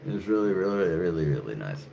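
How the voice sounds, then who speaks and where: Man, very deep voice, casual rambling vlog talk, swears a lot, faint background hiss. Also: very animated, quick pace, gravelly, warm tone. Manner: profane, rambling, many fillers. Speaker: channel host. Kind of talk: rambling casual monologue to camera.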